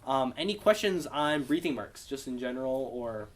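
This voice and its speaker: A man's voice: mid-range voice, animated, normal speed, slight background noise. A young man teaching a casual beginner Greek class, explaining patiently and asking his students for questions. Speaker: Bible study Greek teacher.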